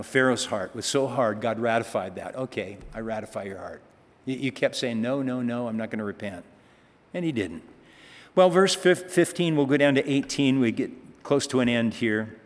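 Guy preaching a bible study, chatty then emphatic, echoey church hall. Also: medium pitch. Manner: conversational, reads scripture then comments, rising emphatic passages. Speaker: pastor. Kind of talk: sermon, Bible teaching. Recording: reverberant hall.

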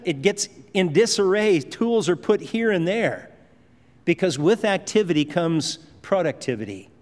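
Male pastor, conversational emphatic sermon delivery, slightly high voice, long hall reverb. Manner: conversational, emphatic preaching with asides.

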